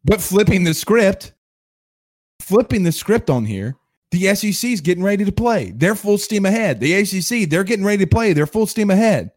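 A man from Louisiana hosts a sports livestream in a fired-up, combative rant. His voice sits high for a man, and his tone is sarcastic. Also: sing-song, moderate pace. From Louisiana, USA. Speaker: sports show host.

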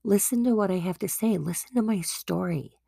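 A woman voicing a gentle, reassuring male Jesus in a retold Bible story, speaking softly and comfortingly. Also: mid-range voice, brisk, vocal fry, slightly rough, dry recording, studio quality.

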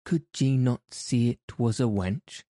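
A man reading the part of a proud, blustering knight with a commanding, gruff manner. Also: medium pitch, takes it slowly, mellow, dry recording, studio quality, pitched above the performer's own voice, lightly acted. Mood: angry. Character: proud blustering middle-aged male knight.

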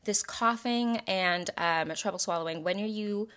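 A woman quoting a sweet blonde Texan voice therapist who asks gentle questions. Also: medium pitch, moderate pace, clear, resonant tone, close to an everyday voice. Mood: questioning.

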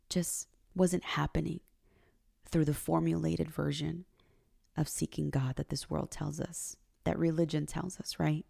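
Woman, podcast host, low voice, earnest confessional monologue. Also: creaky, dark tone. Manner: earnest, confessional, emotional at times. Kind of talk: personal faith podcast monologue.

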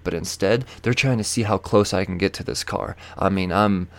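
A young man hosting a podcast, telling a story as a profane comedic rant, full of swearing and shouted quotes. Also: low voice, moderate pace, vocal fry. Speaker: podcast host.

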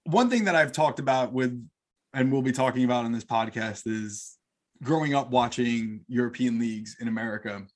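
A man's voice: medium pitch, normal speed, a little mellow. A man in his thirties hosting a podcast, chatty and enthusiastic as he builds long questions for his guest. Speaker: podcast host. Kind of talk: casual interview.

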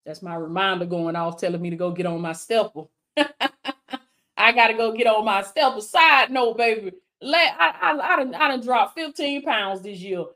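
A woman's voice: medium pitch, normal speed, pushed and bright. A woman life coach on a live stream, fervently repeating affirmations, calling viewers baby and answering them by name like a preacher. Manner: preacherly call-and-response with viewers.

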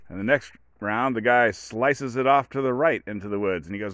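With a mid-range, fairly bright voice, a man hosts a podcast at normal speed, hardly pausing at all. His monologue is loose and rambling, packed with restarts and storytelling asides, recorded with no echo.

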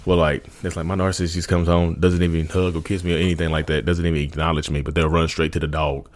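A man's voice: sits low, flat delivery, fast talker. A man talking straight to his viewers in a casual, informal way, often restarting and repeating his phrases. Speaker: vlogger speaking about narcissism. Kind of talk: casual direct-to-camera talk.

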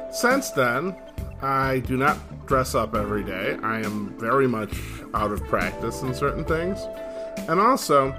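A middle-aged man giving a casual, self-deprecating introduction as host, with easy fillers. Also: medium pitch. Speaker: podcast host. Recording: voice over guitar music. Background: guitar music.

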